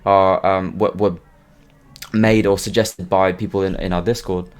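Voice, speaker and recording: A man speaking as a game creator guest in a casual podcast interview, talking haltingly with frequent restarts and repeated words. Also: deep voice, little pitch movement.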